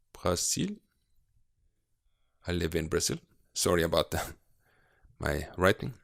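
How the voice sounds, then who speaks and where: Slow, gravelly-voiced man teaching grammar. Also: deep voice, a bit bright, no echo, clean studio sound. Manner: slow, patient explaining with frequent hesitations. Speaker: language teacher. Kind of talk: video grammar lesson.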